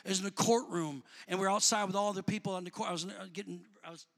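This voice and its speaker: A man preaching a sermon, talking in a plain, colloquial way to the congregation and rising to shouts before dropping back to easy talk. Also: high-pitched, fairly even intonation, quick pace, creaky. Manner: builds to shouting, then drops back to conversational.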